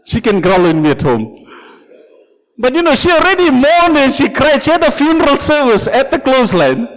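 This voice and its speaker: A man's voice: extremely high pitch, very animated, normal speed, in a large hall, low-quality recording. A man preaching a sermon as pastor, telling a story and calling out "Amen" and "Praise the Lord" to his congregation.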